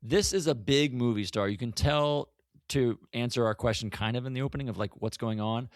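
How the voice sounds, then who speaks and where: A man's voice: medium pitch, brisk, dry recording, clean studio sound. A man co-hosting a casual podcast chat about an old comedy episode. He jokes a lot and reads his own notes aloud. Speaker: podcast co-host.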